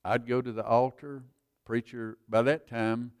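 A man's voice: medium pitch, fairly even intonation, measured pace, clear, resonant tone. A man preaching, telling his own conversion story in an earnest, plain-spoken way. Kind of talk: sermon testimony.

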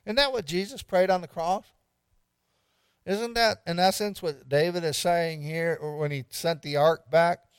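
A man's voice: a little high, measured pace, clear, resonant tone, dry recording, clean studio sound. A man pastor giving an interactive evening sermon, quizzing the congregation and repeating lines for emphasis with light humor.

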